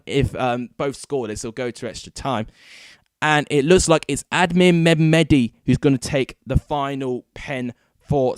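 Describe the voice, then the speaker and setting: A man hosting a football watchalong, giving excitable live commentary into a desk microphone and breaking into shouts at big moments. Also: medium pitch, no room sound, clean studio sound. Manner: excitable, erupting into shouts at goals.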